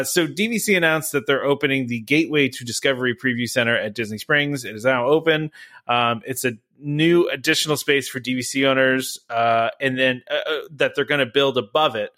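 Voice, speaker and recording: A man's voice: mid-range voice, bright, forceful tone. A man co-hosting a podcast in casual chat, laughing often and firing off questions. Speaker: podcast co-host.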